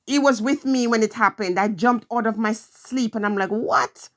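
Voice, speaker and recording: A woman's voice: a little high, moderate pace. A middle-aged woman vlogging, telling a personal story in an earnest, emphatic way, repeating her phrases.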